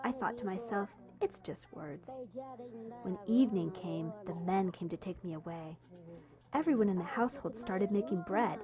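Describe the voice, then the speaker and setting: A woman giving a first-person voice-over translation of a life story, telling it in an animated way and voicing the people she quotes. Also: mid-range voice, moderate pace, a crowd in the background.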